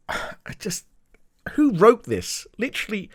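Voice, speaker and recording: Brief: ranting reviewer, exasperated and profane, pitch leaping all over, middle register. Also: sing-song, moderate pace. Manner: swings between loud outbursts and muttering. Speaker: TV show reviewer. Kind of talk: ranting recap commentary.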